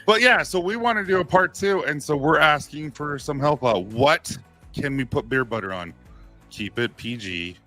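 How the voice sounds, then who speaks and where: Bright-voiced man hosting a casual livestream. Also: on the high side, expressive, normal speed, soft background music. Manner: rambling, laughs easily. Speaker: beard care company owner, livestream host.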